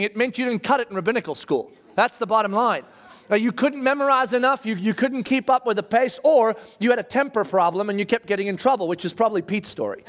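A man preaching a sermon, telling a story in a lively, conversational way. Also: high voice. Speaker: pastor.

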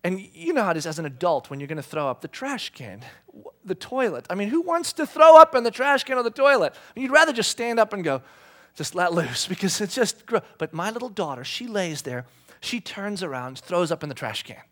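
A man's voice: sits high, big pitch swings, a little fast, a bit bright. A man in his thirties, a pastor, telling a chatty, self-deprecating family story in a sermon. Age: 30s.

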